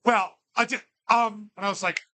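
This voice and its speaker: A man's voice: high voice, fairly even intonation, normal speed, sharp tone. A man hosting bingo night at a bar, calling numbers and joking with the crowd in a sarcastic, loose, profane way. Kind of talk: casual live hosting with banter. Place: bar, live event.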